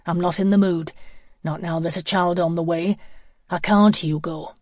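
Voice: mid-range voice, fairly even intonation, moderate pace, a little mellow, no room sound, close to an everyday voice. A reader voicing a cold, insistent young wife who pleads and pushes. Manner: pleading, pushy.

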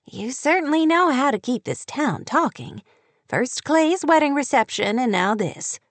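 A sweetly prying small-town woman who spreads gossip, as a woman narrator puts her on. She speaks higher and slower, savoring each remark. Dry, close sound. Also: big pitch swings, dry recording, exaggerated voice.

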